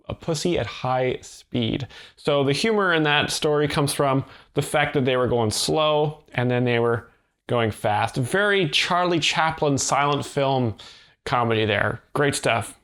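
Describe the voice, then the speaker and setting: A man with a mid-pitched voice, dry and deadpan, who breaks jokes down step by step with mock seriousness. He keeps an even, matter-of-fact tone. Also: unhurried. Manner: dry, deadpan, over-literal explaining. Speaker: mock joke explainer. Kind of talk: deadpan comedic commentary.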